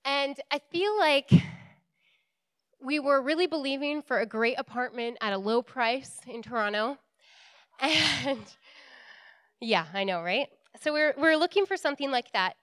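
A young woman telling a story in a casual, animated way, laughing often and full of likes and ums. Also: high voice, a little slow, dry recording.

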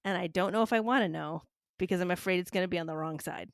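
A woman's voice: fairly low pitch, quick pace, vocal fry, no room sound, clean studio sound. A woman co-hosting a casual podcast chat, wry and teasing in her remarks. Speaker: podcast co-host.

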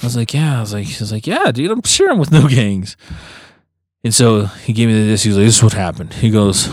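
Telling a long story as a podcast co-host, he keeps things casual and lively, impersonating those he quotes with big pitch jumps. He speaks briskly, and the clean studio recording has no room sound.

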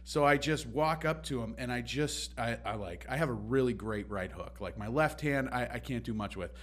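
A man telling a story in a relaxed, animated way, acting out the other people's lines. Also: mid-range voice, normal speed. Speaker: podcast guest. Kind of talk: casual storytelling.

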